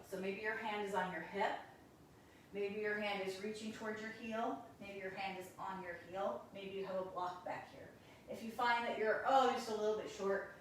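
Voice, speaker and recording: A woman's voice: mid-range voice, slight background noise. Distant, echoey woman teaching yoga. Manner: calm, encouraging cues while doing the poses. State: a little out of breath. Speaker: yoga instructor. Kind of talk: guided yoga class instruction.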